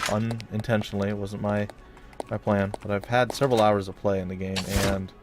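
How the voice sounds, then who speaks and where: A let's play host with a fairly low voice offers casual, jokey commentary while playing a game, calling his viewers guys and folks. Game music is clearly audible beneath him.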